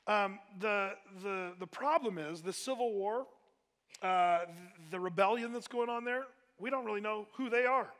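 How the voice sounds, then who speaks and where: Guy giving a sermon, high bright voice, lots of uhs and restarts, big echoey hall. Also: moderate pace. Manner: conversational, with many fillers and restarts. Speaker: pastor. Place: church hall. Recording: echoey hall with long reverb.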